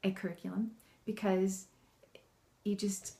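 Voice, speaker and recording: Her voice is mid-range and gravelly, delivered at a measured pace. A homeschooling mom speaking casually on camera, she's chatty and lively, laughing often while acting out the bossy and cheerful ways she talks to her kids.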